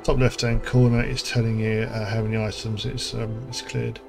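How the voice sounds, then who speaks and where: A man hosts his gameplay video in a loose, chatty way, drifting into asides and filling pauses with ums. His voice sits in an ordinary middle pitch, and background music runs clearly under his talk. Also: flat delivery. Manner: chatty, rambling, with many fillers and asides. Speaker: gaming channel host. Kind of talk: casual gameplay commentary.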